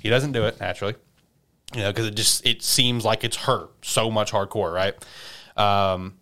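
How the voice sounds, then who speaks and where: A man's voice: on the low side, steady tone, moderate pace, bright, forceful tone. A man casually recapping a story, rambling with lots of "you know" and "like". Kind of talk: casual chat.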